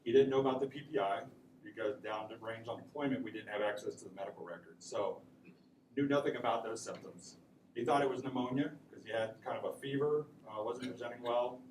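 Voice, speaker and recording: A man's voice: medium pitch, a little fast, a little mellow, far from the mic. Guy teaching a class, chatty, keeps saying right, noisy echoey room. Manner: casual, conversational, peppered with "right?". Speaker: lecturer. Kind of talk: classroom lecture with stories.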